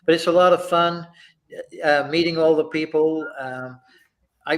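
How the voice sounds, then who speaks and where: A man's voice: on the high side, steady tone, a little slow, fairly bright tone, poor audio. A man raised in England giving a casual, easygoing report as a regular on the show, with some hesitant starts.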